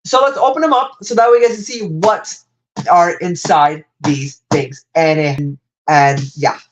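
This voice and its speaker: A young man with a slight Latin American Spanish accent, hosting a live toy unboxing stream and gushing with excitement. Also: a little slow, dull audio. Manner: excitable, gushing, wide pitch jumps.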